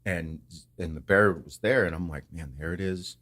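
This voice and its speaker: A man hosting a podcast, telling a story in a casual, animated way, swearing often and acting out what others said. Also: low voice, normal speed. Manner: animated, swears a lot, acts out quotes. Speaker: podcast host.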